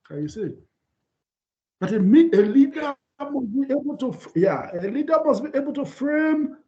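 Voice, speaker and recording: A man, a professor, giving a university lecture in an animated way and often asking his students whether they follow. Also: very high voice. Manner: animated, repeats "can you see?". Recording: dull lo-fi lecture recording.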